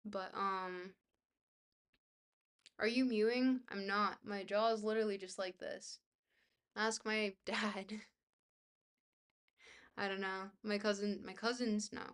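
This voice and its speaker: A woman reading a book aloud to her livestream chat, at an ordinary middle pitch. She catches on long words and restarts them. She drifts into casual asides to her viewers between passages. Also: fairly even intonation, fairly bright tone, clear, resonant tone. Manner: reads aloud haltingly, tripping over long words, chatty asides to viewers.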